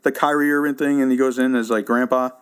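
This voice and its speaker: Podcast host, male, quick-talking, eager questions full of fillers. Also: medium pitch, fairly even intonation, fairly bright tone, clean tone. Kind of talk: casual interview.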